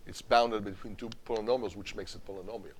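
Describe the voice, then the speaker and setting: A man's voice: on the low side, steady tone, quick pace, slight background noise. A middle-aged man lecturing as a university professor, emphatic, repeating and restarting words as he quizzes the class. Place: lecture hall.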